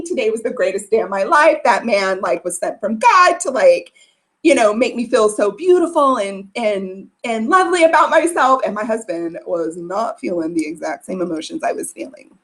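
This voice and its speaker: Animated woman telling a motivational story. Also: fairly high pitch. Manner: animated and chatty, with many fillers like "like". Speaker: business motivational speaker.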